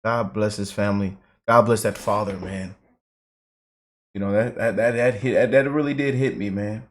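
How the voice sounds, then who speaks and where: A man's voice: on the low side, steady tone, normal speed. A man hosting a political commentary channel, emotional and repetitive, filling his talk with "man" and "you know".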